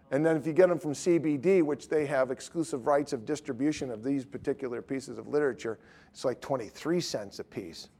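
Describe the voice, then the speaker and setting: A middle-aged man preaches in a storytelling style, his voice sitting a touch high for a man. He is animated, slips into acted voices for the people in his story, and laughs as he goes. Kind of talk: storytelling sermon.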